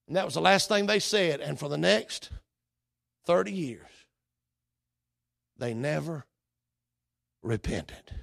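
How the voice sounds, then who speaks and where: A man preaching a sermon as pastor, impassioned, his delivery rising to shouts. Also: a little high, lively intonation, slow pace, vocal fry, pauses often.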